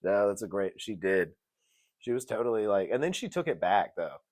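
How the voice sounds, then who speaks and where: A man hosts a casual review show in a very low voice that still swoops widely in pitch. He is jokey and animated, jumping between loud outbursts and quiet mutters. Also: moderate pace. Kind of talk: casual commentary.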